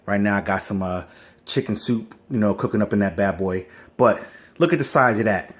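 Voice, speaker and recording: Laid-back, low-voiced man unboxing. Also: fairly quick. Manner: laid-back, rambling, slangy. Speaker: unboxing vlogger. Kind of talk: casual unboxing chat. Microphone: phone on a wobbly stand.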